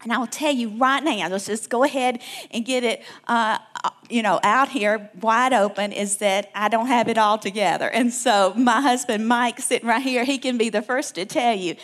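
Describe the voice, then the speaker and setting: A woman's voice: on the high side, moderate pace. A woman in her fifties with a South Alabama accent, telling personal stories to a church crowd in a chatty way. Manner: warm, chatty, with frequent restarts. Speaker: guest speaker.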